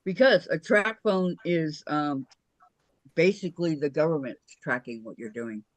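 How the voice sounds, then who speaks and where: A woman's voice: deep voice, unhurried, dry recording. A woman hosting a casual video call who chats, reads viewer comments aloud and laughs easily. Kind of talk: casual chat.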